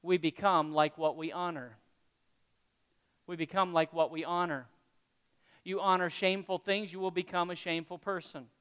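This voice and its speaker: High-voiced pastor preaching in a hall. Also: male voice, level tone, moderate pace, long pauses, fairly bright tone, clear, resonant tone. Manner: conversational preaching with questions to the congregation. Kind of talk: sermon. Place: church hall with congregation.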